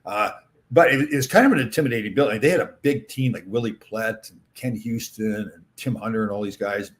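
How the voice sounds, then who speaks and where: A man's voice: lowish voice, brisk. Rambling man telling hockey stories. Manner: rambling anecdotal storytelling with fillers. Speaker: host, former hockey player. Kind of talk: casual chat answering viewer comments.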